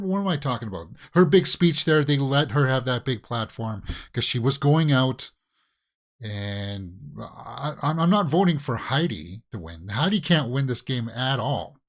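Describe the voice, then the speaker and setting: Animated man ranting over a show. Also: medium pitch. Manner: animated, exasperated rants with repeated questions. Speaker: reaction video host. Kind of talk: casual watch-along commentary.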